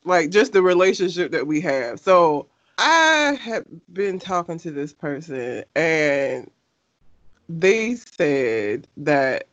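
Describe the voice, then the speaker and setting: A woman telling a story in casual chat, laughing often and animated. Her voice leaps up and down in pitch. The recording is dull and lo-fi, with a dry, close sound. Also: takes it slowly, no echo.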